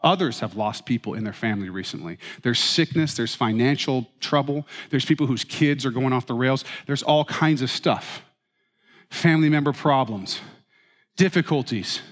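A man preaching a sermon as pastor, telling stories with animated, self-mocking humor. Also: mid-range voice, normal speed. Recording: reverberant hall.

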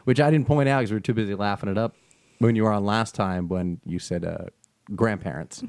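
A man's voice: fairly low pitch, fairly quick, no echo, studio quality. A man from New Jersey with a New Jersey accent, hosting a podcast in casual chat and laughing often. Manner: laughs often, animated storyteller. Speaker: podcast host.

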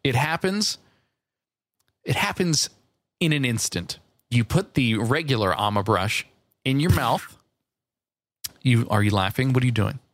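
Male podcast co-host, lively swooping delivery, dry close sound, playful pitchman energy. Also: measured pace, pauses often, no room sound. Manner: playful, enthusiastic pitching of silly ideas. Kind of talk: casual banter.

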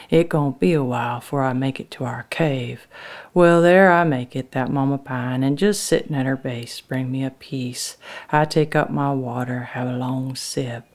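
Low, gravelly woman storyteller. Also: darkish tone. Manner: rural dialect speech, earnest. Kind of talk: first-person dramatic storytelling.

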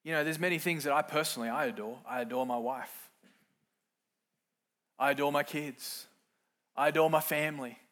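A middle-aged man preaching a sermon, moving from quiet, reflective lines to loud, emphatic ones and acting out quoted voices. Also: on the high side, normal speed, long pauses. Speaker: pastor.

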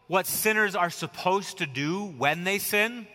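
A man's voice: high voice, animated, measured pace, pushed and bright. A man in his forties preaching a sermon as pastor, asking the congregation rhetorical questions in a conversational way. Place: large church hall. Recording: long hall reverb.

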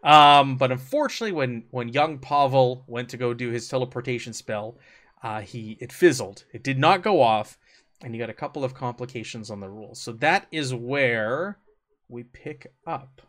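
A man's voice: medium pitch, animated, moderate pace, fairly bright tone. A man running a tabletop game as game master, narrating casually with many fillers.

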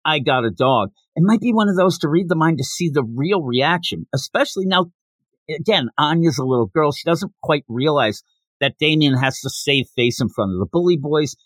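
An animated man casually recapping a manga chapter on a podcast, slipping into quick voices for the characters. His voice sits a touch high and rises and falls a lot, and the sound is dry and close to the mic. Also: no room sound. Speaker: podcast host.

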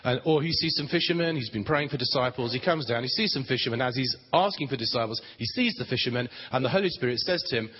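Animated and fast, with hardly any pauses, a man with a medium-pitched, breathy-edged voice teaches on prayer ministry at a Christian conference. His talk is plain and conversational with dry humor, and the recording is dull and reverberant from the large conference hall.

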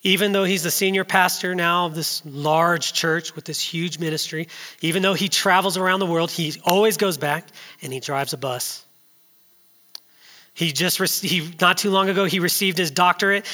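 A man in his thirties preaching a sermon, telling a story that builds from hushed to loud and urgent. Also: high voice, fairly quick, big-room sound.

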